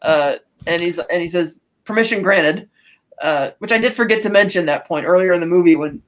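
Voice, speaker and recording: Fillers and restarts run through this casual film recap by a woman co-hosting a podcast. Her voice is fairly low-pitched, and she keeps a brisk pace.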